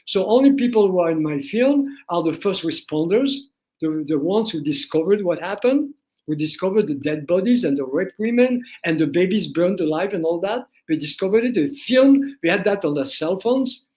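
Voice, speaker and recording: A man's voice: high-pitched, animated, moderate pace, a little mellow, poor audio. A man answers interview questions as a filmmaker. He speaks bluntly and emphatically, with flashes of indignation. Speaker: guest filmmaker.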